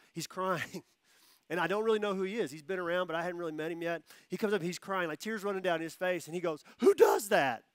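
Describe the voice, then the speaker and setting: Dry-sounding man preaching with lively emphasis. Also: a little high, no echo. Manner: storytelling, animated quoted voices, repeats phrases for emphasis. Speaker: pastor. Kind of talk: sermon. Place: church.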